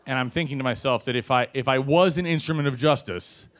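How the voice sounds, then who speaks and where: A man telling a personal story on stage to a live audience, animated and conversational, with plenty of fillers and swearing. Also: medium pitch, quick pace, a little hiss or hum.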